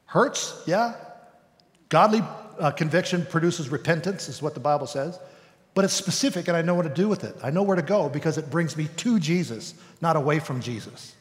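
A man's voice: fairly high pitch, expressive, brisk, in a large hall. A male pastor preaching a sermon in a conversational way, sometimes acting out voices.

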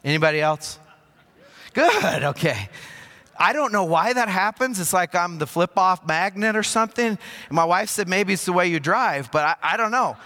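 A man's voice: high-pitched, animated, normal speed, pushed and bright, in a large hall. A man preaching a sermon as pastor, telling personal stories with self-deprecating humor. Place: church sanctuary.

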